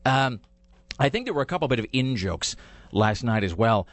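Brief: male podcast host, mocking and sarcastic, very animated pitch, casual rambling. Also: moderate pace, no room sound. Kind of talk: casual chat.

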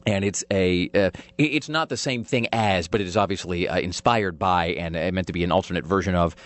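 A man's voice: deep voice, a little fast. A man hosting a radio talk show in casual, rambling banter, full of fillers and self-mocking jokes.

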